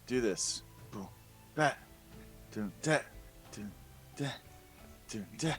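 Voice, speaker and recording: A man's voice: lowish voice, animated, takes it slowly, fairly bright tone, faint music behind. A man playing in a tabletop game over a lagging video call, joking and making sound effects with his voice. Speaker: player. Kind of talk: casual chat during a tabletop game. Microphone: video call with a lagging connection.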